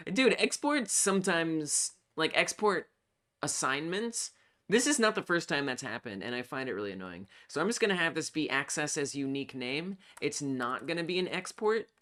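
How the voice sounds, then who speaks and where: A game developer on a live coding stream, thinking aloud while debugging, excitable and self-talking. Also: medium pitch, normal speed.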